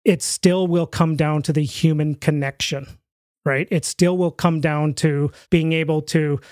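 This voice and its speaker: A man with a fairly high voice talks as a podcast guest in a casual interview. He tells his stories with animation and slips into the voices of the people in them. The recording is dry and close, with almost no room sound. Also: measured pace, no echo. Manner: animated storyteller, acts out quoted voices.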